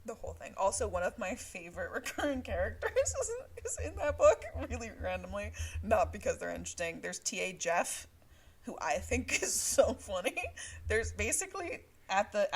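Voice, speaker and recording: A woman co-hosting a book podcast, chatting casually with lots of laughing and fillers. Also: fairly low pitch. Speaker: podcast co-host.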